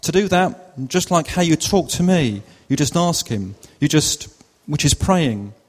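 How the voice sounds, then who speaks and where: A man voicing an earnest male evangelist who gently coaxes a child toward prayer with persuasive questions. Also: on the high side, lively intonation, unhurried. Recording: long hall reverb.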